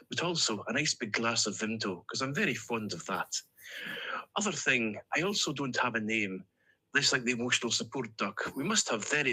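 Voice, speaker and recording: A man voicing a deep Highland Scottish duck. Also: breathy edge, heavily acted, rough recording. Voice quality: deep, lilting. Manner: polite, gently formal requests. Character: deep-voiced Scottish male emotional support duck. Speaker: viewer sending a voice message.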